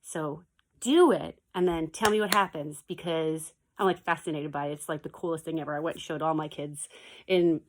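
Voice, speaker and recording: A woman's voice: low voice, normal speed, noisy background. A woman teacher talking casually to her pupils from her home basement, chatty and digressive, reading a picture book aloud with playful animal sound effects. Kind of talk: casual video message and read-aloud for pupils.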